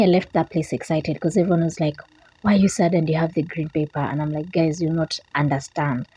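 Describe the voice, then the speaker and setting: A woman vlogger who has just woken up, telling a story to camera in a chatty, animated way. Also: low-pitched, husky, highs cut off. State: just woke up. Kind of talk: casual vlog talk to camera.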